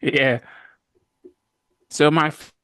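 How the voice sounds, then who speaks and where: A man co-hosting a golf podcast, giving his picks in a dry, sarcastic, measured way. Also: a little high, fairly even intonation, a bit bright, smooth, dry recording. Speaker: podcast co-host. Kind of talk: casual podcast chat.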